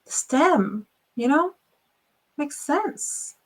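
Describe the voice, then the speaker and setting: A woman's voice: high voice, lively intonation, extremely slow. A young adult woman hosting her channel, telling a casual story with emphatic rhetorical questions. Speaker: channel host.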